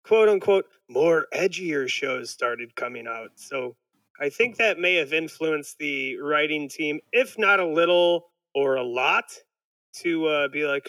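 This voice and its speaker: A man hosting a relaxed podcast, retelling stories with animated energy and plenty of fillers. His voice sits a little high and bright. The sound is close and dry. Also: unhurried, no echo, low-quality recording. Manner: animated storyteller, lots of fillers. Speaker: podcast host. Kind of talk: casual chat.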